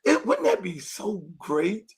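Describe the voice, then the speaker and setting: A man from Miami hosting a podcast, delivering a fired-up, profane sports rant and shouting out the quotes he acts. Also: high-pitched, very animated, takes it slowly, breathy edge. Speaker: podcast host. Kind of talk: unfiltered sports commentary monologue.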